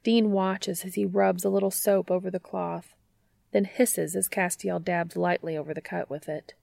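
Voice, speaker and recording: Gravelly woman reading fan fiction. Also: on the low side, steady tone, moderate pace, a little mellow, no echo. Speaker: narrator.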